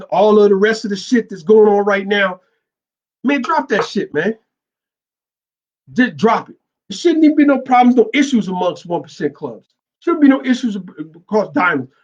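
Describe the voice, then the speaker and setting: A man's voice: very high voice, dull audio. A middle-aged man talking bluntly and profanely in a casual monologue about motorcycle club business. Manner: blunt, profane, emphatic street talk.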